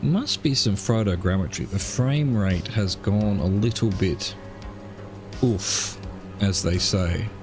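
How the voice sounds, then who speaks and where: A man's voice: lowish voice, takes it slowly, over music. Man musing wryly over a flight sim. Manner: musing aloud, wry asides. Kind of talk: casual gameplay commentary.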